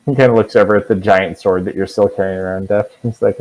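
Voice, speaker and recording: A man running a tabletop game as dungeon master, narrating in a relaxed, rambling way. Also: on the low side, fast talker, poor audio.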